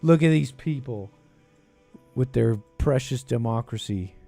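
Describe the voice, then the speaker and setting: A man's voice: mid-range voice, measured pace, vocal fry, dark tone, soft background music. A man hosting a call-in show, talking casually and rambling, with frequent chuckles and trailing thoughts.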